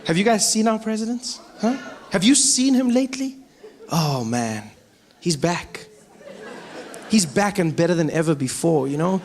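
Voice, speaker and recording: A man doing stand-up comedy in a large theater, animated and acting out voices. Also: high-pitched, fairly quick. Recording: echoey hall, faint crowd.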